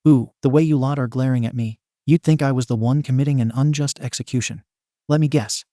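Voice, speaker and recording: A man's voice: medium pitch, fairly even intonation, a little fast, mellow, no room sound, clean studio sound, natural voice. A man reading as a cocky teen swordsman. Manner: cocky, teasing. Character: brash cocky teenage boy swordsman.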